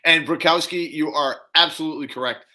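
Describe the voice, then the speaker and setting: A man co-hosting a casual chat show, enthusiastic and relaxed. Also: a little high, a little fast. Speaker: co-host.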